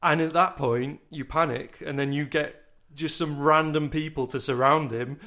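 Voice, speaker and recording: A man's voice: a little high, steady tone, moderate pace, pushed and bright. A young man co-hosting a casual podcast, telling a long rambling story with casual swearing. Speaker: podcast co-host.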